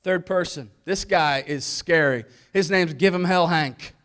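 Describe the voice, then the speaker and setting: A man's voice: fairly high pitch, a little slow, fairly bright tone. A man giving a humorous sermon-style talk, joking and asking the audience questions. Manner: jokey, asks the audience questions.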